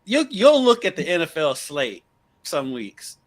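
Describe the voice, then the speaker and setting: A man's voice: a little high, measured pace. A man co-hosting a sports podcast, telling stories in casual chat and laughing often. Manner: storytelling, laughs often, lively. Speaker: podcast co-host.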